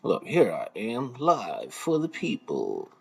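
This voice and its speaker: A man's voice: medium pitch, wildly swooping pitch, takes it slowly, creaky, slightly rough. A man hosting a live stream in casual commentary, rambling and swearing as he mutters to himself while fumbling with the computer.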